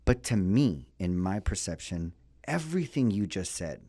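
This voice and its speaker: A man's voice: low voice, very animated, moderate pace, dark tone, no echo, clean studio sound. A man interviewing a business owner, asking thoughtful questions and hurrying through asides.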